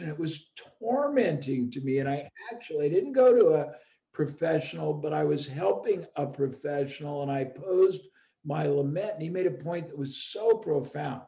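A man's voice: fairly high pitch, creaky, dark tone. A middle-aged man, a business owner and former seminar leader, talking reflectively in a casual conversation and repeating his points for emphasis. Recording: roomy echo.

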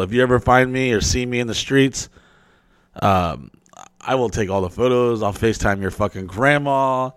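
A man's voice: mid-range voice, fast, no room sound. A man hosting a podcast, telling rambling, profane stories in casual chat and acting out the people in them. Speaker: podcast host.

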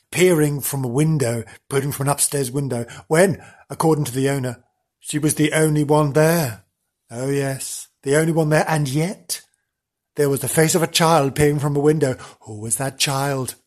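A man from Wales hosting, telling ghost stories in a hammy, mock-spooky way with drawn-out sighs. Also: mid-range voice, husky. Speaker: host. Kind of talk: comic spooky storytelling.

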